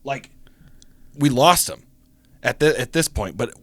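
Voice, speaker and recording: Animated young man telling a story. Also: mid-range voice, measured pace, no room sound. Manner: animated, swearing, acts out voices in the story. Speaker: podcast co-host. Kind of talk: casual storytelling.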